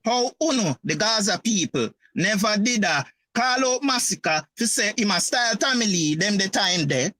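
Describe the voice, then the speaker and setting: A man's voice: high voice, animated, normal speed, hardly any pauses, sharp tone, no echo. A Jamaican man arguing insistently in a heated casual debate on a panel. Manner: argumentative, insistent, interrupts.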